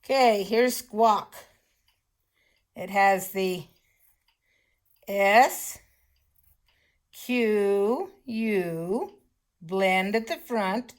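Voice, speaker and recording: An older woman teaching children phonics, slowly and patiently sounding out words and letters. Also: medium pitch.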